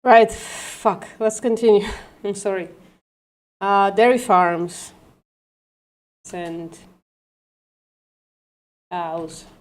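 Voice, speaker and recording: A woman hosting a casual livestream, working through logic aloud in a halting, self-correcting way, swearing and laughing at herself. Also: medium pitch. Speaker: livestream host.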